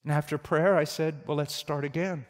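A man preaching a sermon, telling a story quietly and then rising to loud, fervent shouts. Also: on the high side, steady tone, moderate pace. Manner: storytelling, swings from hushed to shouting. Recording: reverberant hall.

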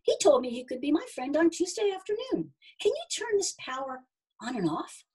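A woman's voice: sits high, very animated, moderate pace, darkish tone. A woman voicing a small brown boy mouse in a storybook reading, asking earnest, wondering questions. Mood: curious. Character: shy little male brown mouse seeking a friend.

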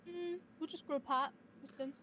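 A woman's voice: high-pitched, fairly even intonation, moderate pace, a bit bright. A woman from Yorkshire with a Yorkshire accent, giving dry, guarded, short answers in casual in-character role-play chat. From Yorkshire, England.

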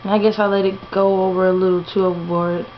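A woman's voice: mid-range voice, flat delivery, fast, slight background noise. Tired, profane young woman on a lo-fi webcam. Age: young adult. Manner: loose, profane and slangy, playing up a put-on accent. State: tired, up very late. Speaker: vlogger. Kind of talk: rambling late-night vlog.

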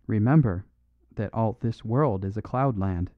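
A man voicing an impatient, forceful male detective, insistent in tone, on a dry, phone-like recording. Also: fairly low pitch, measured pace, dry recording, close to an everyday voice. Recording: dry phone-like narrow sound.

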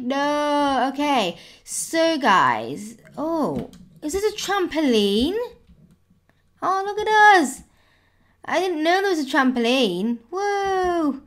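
A woman's voice: sits high, a bit bright. A woman commenting on her own gameplay, exclaiming and squealing at every surprise. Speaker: gaming YouTuber. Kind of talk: excited let's-play commentary.

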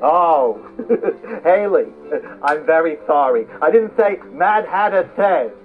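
A man's voice: on the high side, animated, slow. An actor playing the Mad Hatter, a giggly, fussy, scatterbrained man who leads children in a game. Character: giggly eccentric male Mad Hatter hosting games. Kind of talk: theme-park character show with children. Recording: tinny lo-fi recording with faint music.

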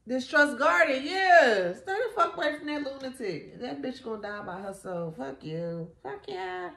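A woman's voice: sits high, sing-song, unhurried, vocal fry, a bit bright. A woman giving a casual tarot reading, blunt and profane, mocking and laughing often. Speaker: tarot reader. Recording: echoey room.

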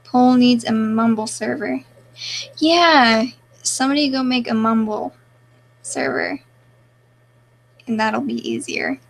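A woman's voice: on the high side, slow pace, gravelly, long pauses. A woman live streaming in casual chat, reading out viewer comments and answering them in an offhand, mumbling way, with a crackly voice.

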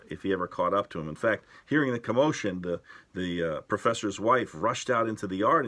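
A man leading a daily devotional as pastor, telling stories calmly and unhurriedly with many small hesitations. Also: on the low side. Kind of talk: devotional sermon.

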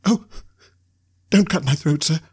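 A man voicing a small frightened boy who answers timidly and politely, with a raised, husky pitch. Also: animated, measured pace, heavily acted. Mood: terrified.

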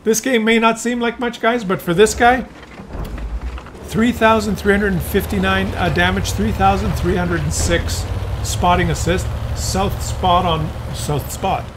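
A man commentating tank game replays, excitable and cheering players on, with loud game sounds underneath. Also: high-pitched, measured pace, background noise. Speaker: gameplay commentator. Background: tank engines and gunfire from the game.

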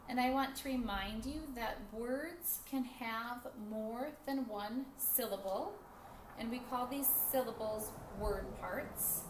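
A second grade teacher giving a phonics lesson to young children, speaking slowly and patiently and repeating each word clearly so they can count along. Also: female voice, on the high side. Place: classroom with a screen. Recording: echoey room with faint background noise.

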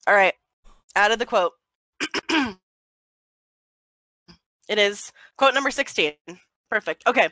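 A woman's voice: mid-range voice, expressive, slow, pauses often, sharp tone, no echo. An American woman with a sore throat, giggling as she hosts an online card game with friends and reads cards aloud with drama. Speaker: streamer hosting a card game. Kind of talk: casual gaming chat.

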